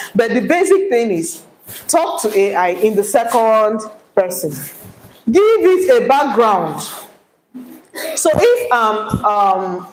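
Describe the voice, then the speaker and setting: A woman with a Nigerian accent giving a live workshop lecture, animated and coaxing her audience with repeated points. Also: mid-range voice, slight background noise. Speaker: workshop trainer. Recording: echoey hall.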